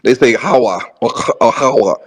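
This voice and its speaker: A man's voice: medium pitch, rough recording. A man arguing his case in a debate, restarting phrases often and running through long lists of words. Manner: repeats words, many restarts, rapid lists of words. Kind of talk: debate argument.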